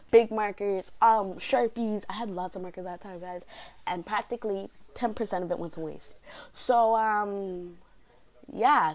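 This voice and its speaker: A woman's voice: medium pitch, low-quality recording. Young woman, casual storytime vlogger, rambling and chatty. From Canada. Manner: chatty, rambling, animated quoting of others.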